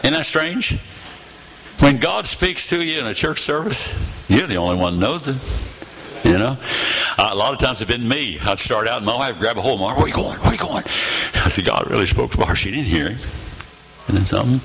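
A man in his eighties preaching a sermon in a church, telling stories with dramatic pauses and slowed phrases. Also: medium pitch, lively intonation, a bit bright, poor audio. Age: 80s.

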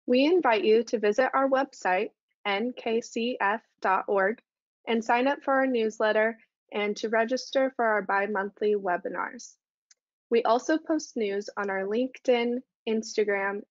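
A woman's voice: medium pitch, no room sound, highs cut off. A woman, assistant director of a foundation, reading a prepared welcome to open a podcast. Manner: reads a prepared welcome evenly. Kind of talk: scripted introduction.

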